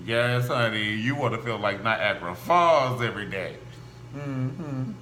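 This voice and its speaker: A man hosting a gossip show, talking in a campy, animated style full of asides and exaggerated voices. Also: mid-range voice, unhurried. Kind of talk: casual celebrity gossip monologue. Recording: echoey room with faint hum.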